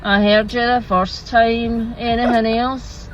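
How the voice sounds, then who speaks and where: A Scottish woman playing a terse, impatient drive-through worker with flat, clipped delivery. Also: mid-range voice, measured pace, highs cut off, slight background noise, natural voice. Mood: curt.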